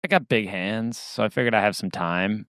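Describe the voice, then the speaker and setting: A man hosting a casual podcast, chatty and quick to laugh. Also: on the low side, fairly bright tone, no room sound, clean studio sound. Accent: put-on Boston accent in the outro. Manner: chatty, laughs easily, reads the outro. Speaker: podcast host. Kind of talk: casual chat.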